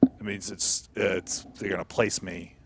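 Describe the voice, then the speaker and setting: A man's voice: low voice, flat delivery, moderate pace, gravelly, very noisy. A young man streaming games, chatting casually, swearing freely and ranting about the match. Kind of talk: casual gaming chat.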